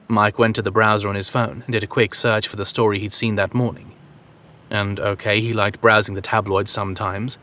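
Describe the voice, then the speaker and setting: An audiobook narrator with a lowish male voice reads a story aloud, delivering scripted narration in a steady, measured way.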